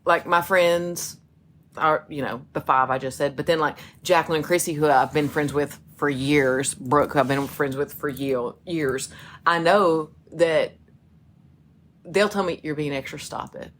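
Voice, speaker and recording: Lady cohosting a podcast, low voice, just chatting and telling stories. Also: a little slow, a bit bright. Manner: chatty storyteller, acts out quoted friends. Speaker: podcast co-host. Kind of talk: casual chat.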